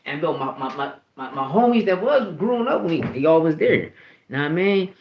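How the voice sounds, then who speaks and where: A man's voice: a little high, animated, brisk, muffled recording, slight background noise. Rambling Philly man in an echoey room. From Philadelphia, USA. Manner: profane, rambling, with many restarts and "you know what I mean". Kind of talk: casual storytelling.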